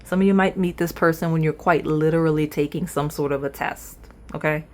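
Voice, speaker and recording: A woman's voice: low voice, fairly even intonation, a little fast, a little mellow. A woman reading tarot cards in a chatty, playful way, talking straight to her viewers. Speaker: tarot reader. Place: indoors at a table.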